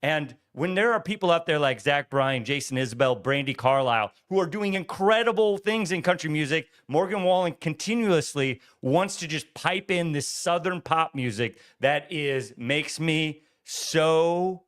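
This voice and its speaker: A man's voice: on the high side, animated, measured pace, hardly any pauses, fairly bright tone. A man co-hosting a casual podcast chat, opinionated and ranting with emphatic stress. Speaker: podcast co-host.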